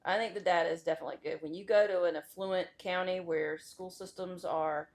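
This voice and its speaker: A middle-aged woman speaks as a school vice principal on a podcast, her voice sitting a little low. She gives frank, emphatic opinions in a relaxed, conversational way. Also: fairly quick. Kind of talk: casual interview chat.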